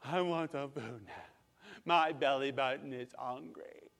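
A man voicing a small, tearful little girl who begs for food in a slow, drawn-out whine, heard in an echoey hall. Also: mid-range voice, fairly bright tone. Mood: whiny pleading.

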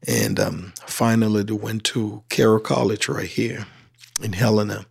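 Faint music accompanies a middle-aged man from Liberia as he unhurriedly relates his life story in a Liberian accent. His low voice carries vocal fry and a breathy edge, and he animatedly acts out the dialogue he quotes.

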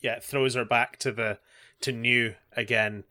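A man's voice: mid-range voice, little pitch movement, a little slow, bright, forceful tone. A man co-hosting a podcast, casually recapping an anime with sarcastic jokes and frequent laughs. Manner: joking, sarcastic, laughs often. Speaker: podcast co-host.

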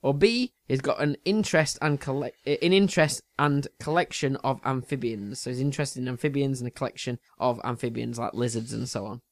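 A man's voice: mid-range voice, a little fast, few pauses, no room sound. A man co-hosting a casual chat, quizzing his partner with teasing jokes and frequent laughs. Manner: jokey, teasing, laughs often. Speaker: podcast co-host, quizmaster.

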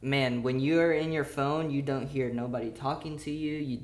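A man's voice: mid-range voice, fairly even intonation, moderate pace. A laid-back man chatting casually, swearing and calling his friend bro and man. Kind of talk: casual chat.

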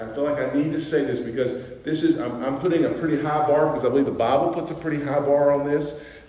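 A man's voice: mid-range voice, a little mellow. A man preaching an earnest, emphatic sermon, restarting phrases as he presses his point. His voice rings through a big, echoing church hall with a long reverb tail. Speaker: pastor. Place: church sanctuary.

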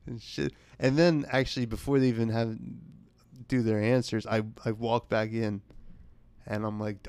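This comedic storytelling monologue comes from a young man hosting a podcast, voicing other characters as he rambles through a self-mocking tale. He speaks at a moderate pace in a fairly low, darkish, smooth voice with a level tone and no echo.

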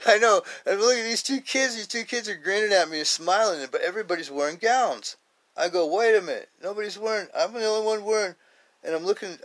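A man on a podcast, telling a personal faith testimony in an excited, rambling way, often saying "man". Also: a little high. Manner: excited, animated, repeats himself, says "man" often. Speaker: podcast host.

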